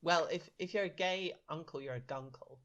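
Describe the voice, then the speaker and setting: A man co-hosting a casual podcast, playful and upbeat, teasing his co-host and giving shout-outs. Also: on the high side, moderate pace, highs cut off. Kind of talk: casual chat.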